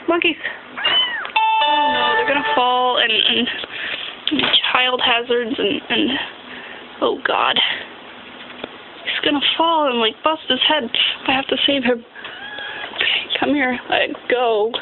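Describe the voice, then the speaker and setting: A woman's voice: high-pitched, takes it slowly, long pauses. Woman, cooing baby talk to kittens, tinny phone-like sound, noisy background. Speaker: pet owner filming her kittens. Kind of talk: casual home video. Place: home room with kittens.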